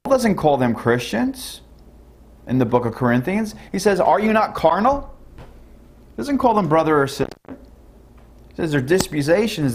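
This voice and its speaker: Earnest preacher man with swinging emphasis. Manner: earnest, repetitive, rising to emphatic stresses and dropping to low, quiet tones. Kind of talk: sermon.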